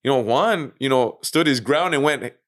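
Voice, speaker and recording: A man's voice: mid-range voice, expressive, normal speed. A man being interviewed on a podcast, casually retelling his own story with lots of fillers, swearing and acted-out quotes. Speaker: interview guest.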